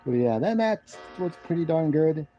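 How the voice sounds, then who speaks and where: A man talks from his love seat at home, rambling through a casual review and repeating his own phrases. His voice is dark and mellow, and he sounds congested and keeps clearing his throat. The home recording sounds dull and lo-fi. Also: fairly high pitch, lively intonation, normal speed, faint music behind. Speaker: wrestling show reviewer. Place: living room at home, seated on a love seat. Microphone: camera in front of him.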